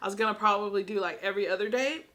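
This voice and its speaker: A woman filming a casual book reaction vlog, gushing and excitable, often laughing and repeating herself as she rambles. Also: medium pitch, racing. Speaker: book vlogger. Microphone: camera she films herself with.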